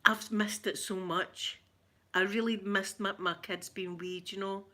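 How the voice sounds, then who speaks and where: A middle-aged Scottish woman chatting away to her live viewers with a bright, clear voice. She greets people by name and laughs easily as she talks. Her pitch sits in an ordinary middle range. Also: fairly even intonation, measured pace. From Scotland. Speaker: ASMR livestream host. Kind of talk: casual chat with live viewers.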